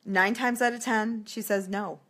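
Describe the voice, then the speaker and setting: A woman's voice: medium pitch, fairly even intonation, unhurried, fairly bright tone. Chatty upbeat woman coaching sales. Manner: chatty and upbeat, acting out bubbly calls to a hostess. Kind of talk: casual coaching talk on a live video stream.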